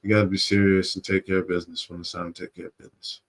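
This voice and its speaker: A man hosting a stream, reacting casually with slang, frequent laughter and quick apologies for cursing. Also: low voice, level tone. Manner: laughs often, slangy, curses then apologizes. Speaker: streamer host.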